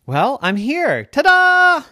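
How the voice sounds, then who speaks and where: Zarel is a show-off little girl gymnast in a bedtime storybook, squealing her lines in a high, bouncy, sing-song voice that leaps all over the place, as a parent puts her on. The sound is close and dry, with no room around it. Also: sing-song, normal speed, fairly bright tone, dry recording. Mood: eager.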